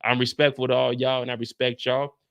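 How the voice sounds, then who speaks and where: A man hosting a live reaction stream, recapping a TV show in an animated, profane, ranting way. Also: medium pitch, brisk, gravelly, clear, resonant tone.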